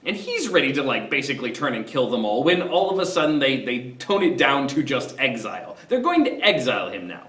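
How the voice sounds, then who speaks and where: Animated man summarizing a play. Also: mid-range voice, fairly quick, few pauses. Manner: animated, retells scenes with voices. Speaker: literature discussion host. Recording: roomy echo, mic at a distance.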